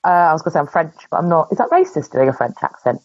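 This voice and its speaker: A woman with a husky, slightly low voice co-hosts a podcast in a relaxed chat. She talks in a chatty, enthusiastic way and teases her co-host. The audio sounds a little dull and muffled. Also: rapid-fire. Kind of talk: casual chat.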